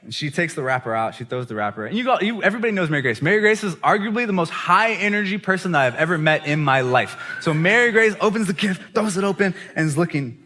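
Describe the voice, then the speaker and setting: Bright-voiced, lively male preacher. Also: high voice, fast talker, hardly any pauses. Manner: animated, laughs while telling stories. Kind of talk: storytelling sermon. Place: church gathering hall.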